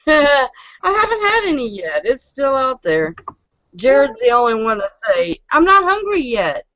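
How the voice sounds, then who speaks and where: A woman's voice: high-pitched, very animated, slow pace, pauses often, a bit bright. A woman guest chatting on a live stream, laughing often and telling home stories. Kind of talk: casual live-stream chat. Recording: dull lo-fi stream audio.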